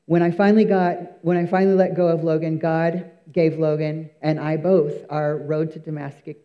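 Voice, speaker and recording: A man with a high-pitched voice tells his church testimony in an earnest, emphatic way, often pausing on fillers and restarting. The recording sounds slightly dull and lo-fi. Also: flat delivery. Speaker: person giving a testimony.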